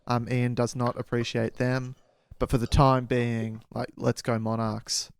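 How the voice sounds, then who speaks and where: A man's voice: medium pitch, completely flat delivery, unhurried, vocal fry, clear, resonant tone, no echo, clean studio sound. A man co-hosting a casual book podcast, rambling and joking with lots of fillers, with a slight head cold. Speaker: podcast co-host.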